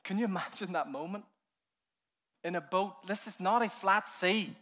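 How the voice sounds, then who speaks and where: A man preaching a keynote sermon, telling the story with animated energy, laughing often, sometimes dropping to a hush and then building up with fervor. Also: high-pitched, normal speed. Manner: laughs often while speaking. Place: conference hall.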